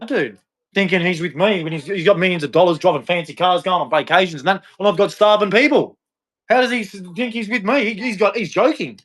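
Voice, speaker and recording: A male vlogger rants about faith directly to camera, preachy, repetitive, heckling and challenging the listener. His voice is high, brisk, and a bit bright.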